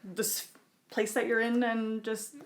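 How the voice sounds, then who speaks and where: A woman's voice: a little high, little pitch movement, slow pace. A woman from Quebec, a podcast guest, telling a personal story in a casual, chatty way, full of "like" and acted-out quotes. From Quebec, Canada. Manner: chatty, fills talk with "like" and "type thing"; acts out quotes in her story.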